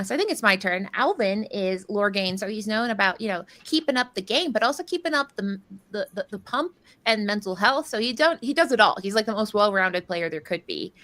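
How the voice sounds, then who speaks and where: A woman's voice: medium pitch, bright, forceful tone. A woman casting a live card game tournament, chatty and jokey, rambling through player intros and stories. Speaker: caster. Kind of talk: live game commentary banter.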